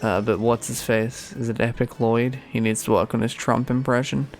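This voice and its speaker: A man's voice: medium pitch, little pitch movement, normal speed, soft background music. A young Australian man streaming a game, rambling sarcastically with many fillers. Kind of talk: casual gaming commentary.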